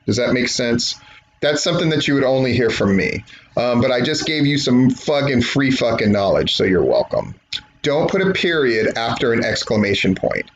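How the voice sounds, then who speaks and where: A man's voice: mid-range voice, big pitch swings, moderate pace, lo-fi sound, slight background noise. A man reviewing a wrestling match, blunt, profane and opinionated, mocking others in impressions. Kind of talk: profane rant-style review commentary.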